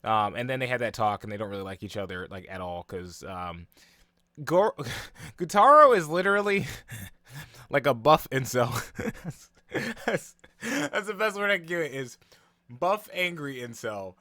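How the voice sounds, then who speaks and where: A young man talks through an anime episode in a loose, rambling way, full of "um" and "like." His voice is bright and forward, recorded close and dry, at a middle pitch. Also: big pitch swings, measured pace, long pauses, dry recording. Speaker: anime reaction vlogger. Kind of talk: casual reaction and analysis.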